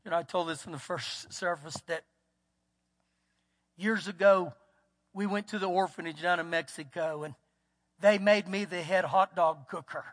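Texan male pastor, very high pitch, folksy storyteller, preaching in a church with long reverb. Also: moderate pace, long pauses, a bit bright. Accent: Texas. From United States. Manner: folksy storytelling, acts out quotes. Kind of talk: sermon. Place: church sanctuary.

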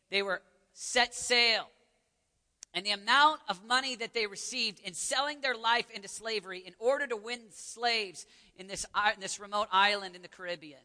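Impassioned Texan pastor in an echoing hall. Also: male voice, high voice. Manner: impassioned, swings from hushed to shouting. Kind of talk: sermon. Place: large echoing church hall. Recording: long hall reverb.

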